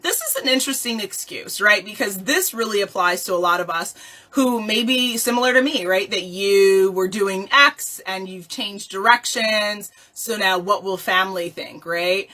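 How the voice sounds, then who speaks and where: A woman coaching listeners in a motivational talk, playful and animated, often asking rhetorical questions and laughing. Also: mid-range voice, normal speed. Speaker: life coach.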